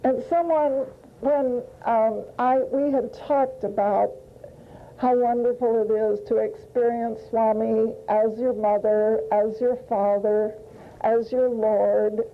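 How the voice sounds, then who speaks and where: A woman's voice: a little high, fairly even intonation, takes it slowly, narrow, tinny audio. A woman telling a personal story at a spiritual retreat, heartfelt and repeating words for emphasis. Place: retreat gathering.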